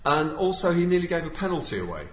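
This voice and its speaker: A man's voice: a little high, fast talker. Man chatting football in an echoey room. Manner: animated, self-interrupting. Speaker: podcast panelist. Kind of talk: casual football chat. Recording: roomy echo.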